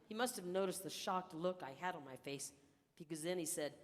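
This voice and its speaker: An older woman from South Texas delivers a humorous contest speech. She tells her story playfully and lands punchlines after pauses. Long hall reverb trails each line. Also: lowish voice. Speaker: contest speaker.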